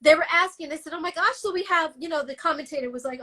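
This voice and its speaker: This woman talks fast in a very high voice. She's a guest singer being interviewed, telling her story with feeling, animated and blunt, now and then swearing.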